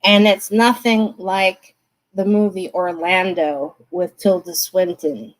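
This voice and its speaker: Slow, chatty woman reading tarot cards. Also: lowish voice, steady tone, rough recording. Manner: chatty, laughing, speaks straight to viewers. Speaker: tarot reader. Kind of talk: live-stream tarot reading.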